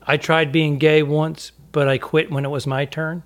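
A man co-hosting a comedy podcast, tossing out jokey deadpan quips in casual banter. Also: on the high side, moderate pace.

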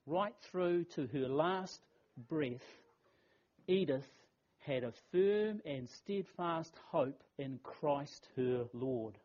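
A man preaches a funeral sermon with a slightly high yet mellow, husky voice. He tells the story earnestly and leans on rhetorical questions. The recording sounds dull and lo-fi. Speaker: pastor.

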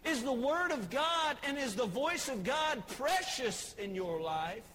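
A man's voice: very high voice, sing-song, measured pace, pushed and bright, long reverb tail, slight background noise, rough recording. A man preaching a sermon with passion, stammering and repeating words as he builds his points. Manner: impassioned, repeats words, voices characters in a Bible story. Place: church.

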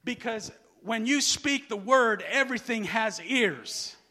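High, bright-voiced preacher, slow and emphatic. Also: male voice, lively intonation. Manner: swings from hushed asides to shouted emphasis; asks the crowd to finish his sentences. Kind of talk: sermon.

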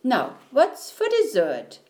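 A woman's voice: fairly high pitch, wildly swooping pitch, slow, warm tone, pitched above the performer's own voice, full character voice. A woman doing a big greedy bear. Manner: greedy, hearty, bellowing.

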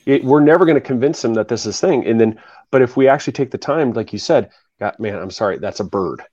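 A man's voice: mid-range voice, expressive, quick pace, darkish tone, dry recording, dull audio. A man hosting a podcast, talking in a rambling way that keeps restarting. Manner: rambling, restarts and repeats himself. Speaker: podcast host. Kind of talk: casual chat.

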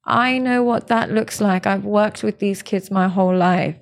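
A woman's voice: mid-range voice, a little slow. A woman, a relationship coach speaking as a podcast guest, telling stories in an earnest, emotional way. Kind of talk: candid podcast interview.

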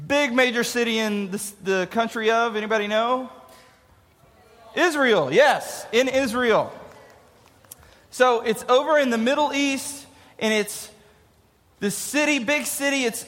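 A man's voice: very high voice, a bit bright. A man in his thirties giving a casual youth sermon, joking and asking the crowd questions. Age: 30s. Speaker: youth pastor. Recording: long hall reverb.

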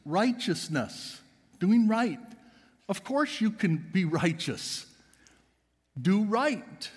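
High-voiced preacher guy, really animated, booms then drops quiet, long church echo. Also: breathy edge. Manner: emphatic, swings from loud to hushed. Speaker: pastor. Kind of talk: sermon. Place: church sanctuary.

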